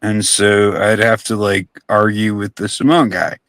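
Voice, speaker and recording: A man's voice: lowish voice, level tone, measured pace, a bit bright, no room sound. Laid-back man telling rambling stories. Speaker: co-host on a live stream. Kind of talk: casual storytelling chat.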